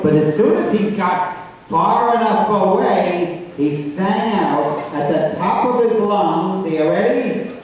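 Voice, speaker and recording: A man telling stories to a live audience, playful and slow, drawing listeners in. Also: sits high, lively intonation, a little mellow. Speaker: storyteller. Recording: echoey room from far off, noisy.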